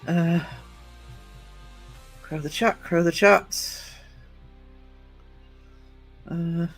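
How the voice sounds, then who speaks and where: A man with a high voice streaming live from the gym, chatty and teasing as he greets his viewers one by one. He sounds a bit worn out, laughs easily, and faint music plays behind him. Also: steady tone, drawn-out words, long pauses. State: low on energy. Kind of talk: casual live-stream chat reading out viewer comments.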